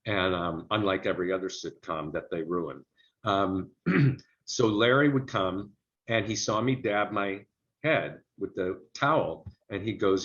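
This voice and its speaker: A middle-aged man with a lowish voice recounts stories from his acting work in a relaxed interview. His telling is lively, and he slips into the voices of the people he quotes. The recording sounds a little dull and lo-fi. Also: measured pace. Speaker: actor being interviewed. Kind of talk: casual interview storytelling.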